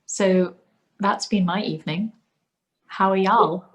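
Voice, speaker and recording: A woman's voice: medium pitch, takes it slowly, fairly bright tone, rough recording. A woman hosting a casual live-stream chat, gushing and rambling, with many restarts. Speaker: host.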